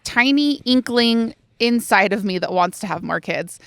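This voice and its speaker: Late-20s woman cohosting a podcast, chatty and animated, lots of "like", dry sound. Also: mid-range voice, moderate pace, dry recording. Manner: chatty, many "like" fillers, acts out others' lines. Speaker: podcast co-host. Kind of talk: casual podcast chat.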